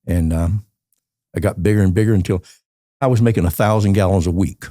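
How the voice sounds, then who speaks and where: Here a deep, warm male voice moves along fairly quickly. The speaker is an octogenarian from Georgia with a Southern accent, a podcast interview guest who rambles colorfully through his stories and chuckles while telling them. It's a dry, clean studio recording.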